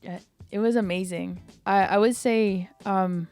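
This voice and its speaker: A woman's voice: mid-range voice, clean tone, soft background music. A young woman from Canada, a guest DJ, chatting casually and candidly in an interview and laughing easily. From Canada (Toronto). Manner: relaxed, candid, quick to laugh.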